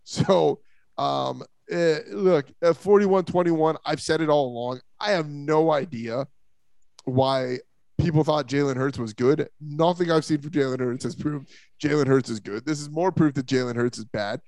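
Brief: male sports-talk host, slightly high voice, dry close mic, blunt and opinionated, repeats himself when riled. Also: moderate pace, gravelly, darkish tone, dry recording. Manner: opinionated, emphatic, stumbling restarts. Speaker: podcast host.

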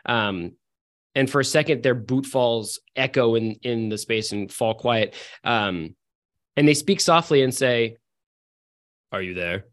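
Brief: male game master narrating a tabletop session, hesitant and stop-start. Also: medium pitch. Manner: halting, with many fillers and restarts.

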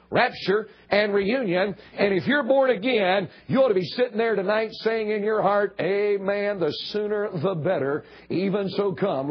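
A man's voice: high voice, breathy edge. An older man preaching a sermon in a church, emphatic and pleading, repeating words for stress. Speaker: guest preacher. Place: church building. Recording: dull lo-fi sermon recording.

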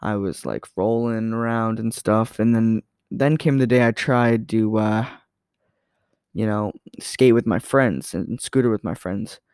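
A man's voice: fairly low pitch, a little slow, darkish tone, clean tone, no room sound, clean studio sound. Rambling young guy telling stories. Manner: rambling, filler-heavy, self-correcting. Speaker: podcast host. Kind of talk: casual storytelling monologue.

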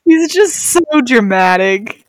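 A woman's voice: a little high, sing-song, takes it slowly, no room sound. A young woman reading a passage aloud and joking about it in casual chat, giggly and wry. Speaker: co-host reading a novel aloud.

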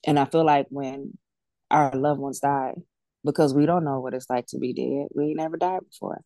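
A woman's voice: very deep voice, steady tone, normal speed, mellow, no room sound. Candid woman telling her story, dry sound. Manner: candid, colloquial, storytelling with quoted voices. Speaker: death doula and medium, podcast guest. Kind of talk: casual heartfelt interview talk.

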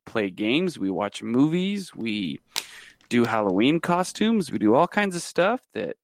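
Gravelly-voiced man, casual podcast host. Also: mid-range voice, big pitch swings, measured pace, dry recording, clean studio sound. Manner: jokey, rambling explanations.

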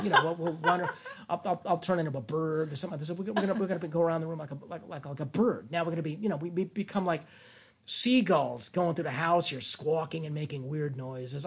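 A man talking as a guest in a casual interview, playful and lively, with many restarts. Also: on the high side, slightly rough. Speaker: guest, creative thinking consultant.

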